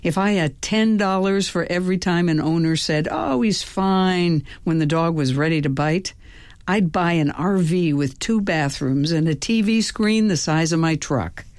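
A woman hosting a radio reading, narrating a novel in a calm, measured first-person voice. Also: low-pitched, no room sound. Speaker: radio host and reader.

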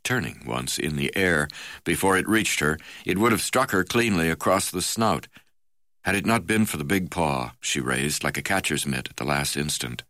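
A man with a very low voice reads a memoir aloud. His delivery is measured, with an occasional hesitation. The sound is close and dry, with no room around it. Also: animated, bright, forceful tone, no room sound. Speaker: reader.

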